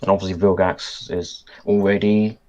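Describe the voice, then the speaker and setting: A man with a very low voice co-hosts a relaxed podcast conversation. He thinks out loud, trailing off and circling back mid-sentence. His mic sounds dull and lo-fi. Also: moderate pace. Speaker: podcast co-host. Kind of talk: casual chat reviewing a cartoon episode.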